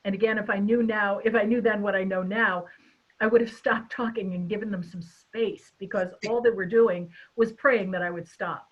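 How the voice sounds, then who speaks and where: An expressive, chatty woman hosting a webinar over a video call. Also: medium pitch, normal speed, lo-fi sound. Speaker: webinar host. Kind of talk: casual webinar chat.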